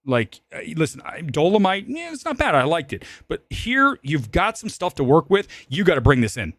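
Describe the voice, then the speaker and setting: A man's voice: normal speed, no room sound. Ranting film critic man, dry sound. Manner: animated rant with sudden loud high outbursts and swearing. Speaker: film critic and show host. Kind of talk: live-stream movie commentary.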